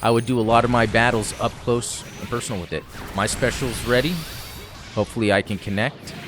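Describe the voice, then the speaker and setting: A man hosting a gaming channel, giving relaxed, chatty commentary over gameplay with plenty of fillers. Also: medium pitch, fairly quick, music in the background.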